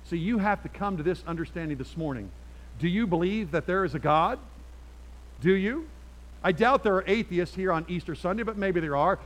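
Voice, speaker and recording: A man preaching a sermon to a church congregation, switching between forceful appeals and quiet storytelling. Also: high voice, expressive, normal speed, low-quality recording. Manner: emphatic, swings from loud exhortation to quiet storytelling. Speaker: pastor.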